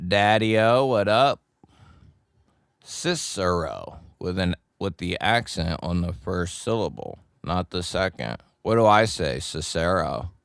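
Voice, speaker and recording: Casting note: unhurried man with a deep, smooth voice, a chummy livestream host, dry close sound. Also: expressive, no echo. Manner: greets chat viewers by nickname, laid-back and chummy. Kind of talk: casual live chat with viewers.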